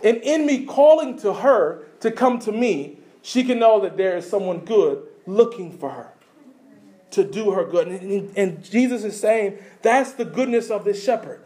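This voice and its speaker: High-voiced man preaching a lively sermon. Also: a little slow. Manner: animated preaching with rhetorical questions and repetition; swings between loud emphasis and quiet low asides. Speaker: pastor.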